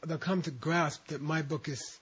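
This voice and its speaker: In a classroom lecture, a man with a husky, somewhat bright voice on the high side patiently guides students through a text at a moderate pace. He breaks words into syllables for them to repeat back and explains terms along the way. The recording is dull and lo-fi.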